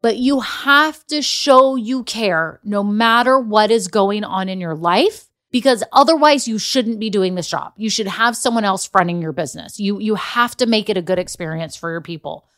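A woman's voice: mid-range voice, moderate pace, few pauses, fairly bright tone. A middle-aged woman, a business coach telling stories in a casual motivational talk. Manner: chatty storyteller, addresses listeners as y'all.

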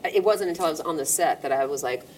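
A woman's voice: low-pitched, fast talker, darkish tone. A middle-aged woman talking as an interview guest, rambling and searching for words, with a faint noise behind her. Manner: rambling, searches for words, quotes people in voices. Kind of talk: casual interview chat.

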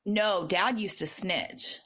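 Woman cohost chatting, bright voice, unhurried, blunt and sweary. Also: mid-range voice. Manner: blunt, profane remarks. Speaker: podcast co-host. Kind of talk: casual chat.

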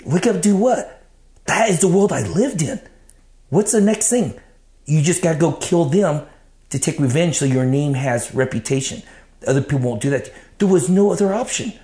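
A man's voice: fairly high pitch, lively intonation, moderate pace, mellow. Profane man telling his story, roomy sound. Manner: blunt and profane, acts out what he told himself. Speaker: interview guest. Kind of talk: personal storytelling, casual talk. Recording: roomy echo.

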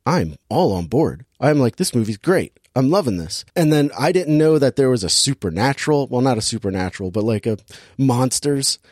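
Guy recapping a movie super animated, lots of laughing, dry close mic. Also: moderate pace, no echo. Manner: animated storytelling, acts out characters' lines with big pitch jumps; laughs often while talking. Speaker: podcast co-host recapping a movie. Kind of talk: casual chat.

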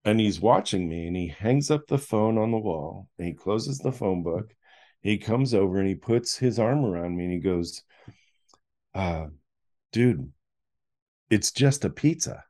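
A man's voice: fairly low pitch, lively intonation, moderate pace, mellow. A middle-aged man, an author, is a guest in an interview, animatedly telling a personal story, acting out scenes and laughing often.

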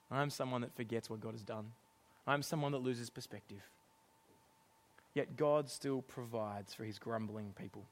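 A middle-aged man preaching a sermon, animated and often laughing as he acts out exasperated lines. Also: mid-range voice, unhurried.

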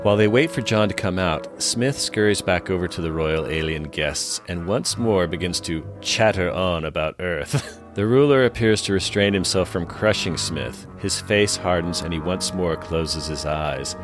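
A man co-hosting a podcast, narrating an episode scene by scene with dramatic, measured storytelling and dry asides. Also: low voice, faint music behind. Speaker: podcast co-host recapping an episode.

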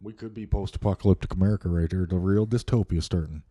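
A man co-hosting a podcast, trading loud joking banter and laughing often. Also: low-pitched, quick pace, dry recording. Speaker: podcast co-host. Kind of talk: casual chat.

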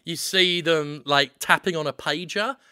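A man telling a comic story on a podcast, animated and laughing as he goes. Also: fairly high pitch, a little slow, clean tone, no room sound, clean studio sound. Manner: animated, laughing, acts out voices. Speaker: podcast co-host.

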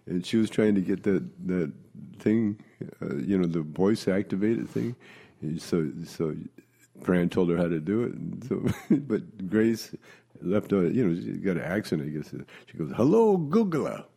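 An older man co-hosting a casual chat, telling stories with laughter and quick put-on voices. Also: low-pitched, creaky, dark tone, breathy edge. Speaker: podcast co-host.

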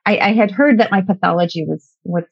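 A middle-aged woman with a low, gravelly voice tells a personal story in a loose, conversational way. She often restarts phrases and slips into the words other people said to her. The recording is dry and somewhat dull, with a lo-fi sound. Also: brisk, dry recording. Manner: conversational, with frequent restarts and quoted dialogue. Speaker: guest sharing a personal story.

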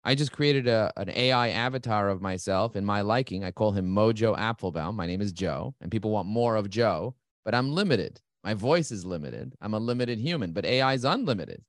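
A middle-aged man talking as an interview guest, fast and enthusiastic, repeating key words for emphasis. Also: lowish voice, lively intonation, no echo, studio quality. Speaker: guest, marketing agency CEO. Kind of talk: energetic interview talk.

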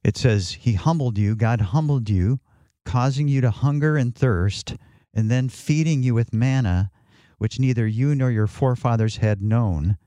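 A man's voice: mid-range voice, unhurried, dark tone, no room sound, clean studio sound. A man co-hosting a faith radio talk show, thoughtful and reflective as he quotes scripture. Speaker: radio co-host.

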